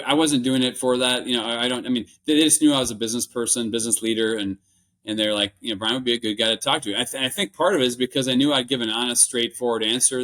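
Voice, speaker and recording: A man with a Minnesota accent, a business buyer appearing as a podcast guest, tells candid stories in an earnest, rambling way and restarts his sentences a lot. His voice is medium in pitch and fairly bright.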